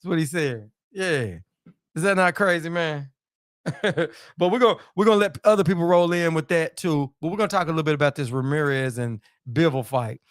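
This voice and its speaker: Hosting a casual, repetitive boxing chat on a live stream, a man drops "man" and "you know" into nearly everything he says. His slightly high voice moves briskly, captured in a dry, studio-quality recording.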